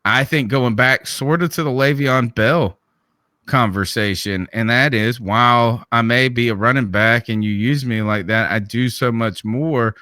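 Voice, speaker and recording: Bright-voiced Southern man. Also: mid-range voice, measured pace, no echo, studio quality. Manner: conversational, prone to restarts and rhetorical questions. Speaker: podcast co-host. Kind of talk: casual sports talk.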